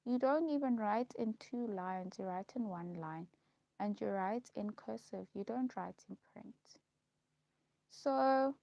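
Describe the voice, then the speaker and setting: A young woman telling her life story in a casual vlog, repeating herself and pausing with ums as she lists memories. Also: medium pitch, gravelly, dark tone, dry recording. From South Africa. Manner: repetitive, listing recollections with frequent ums. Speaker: vlogger. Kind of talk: personal storytelling. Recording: dull lo-fi recording.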